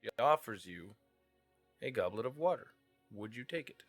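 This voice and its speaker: A man's voice: lowish voice, expressive, normal speed, dry recording, faint music behind. A man narrating as dungeon master, casual and loose, swearing at times. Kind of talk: narrating a tabletop game.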